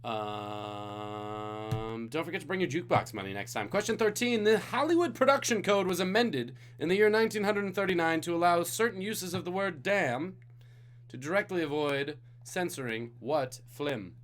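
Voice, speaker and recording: A man's voice: on the high side, lively intonation, moderate pace. A man from Singapore hosting a live-streamed trivia night, reading questions with jokey, playful asides to the chat. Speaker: trivia host.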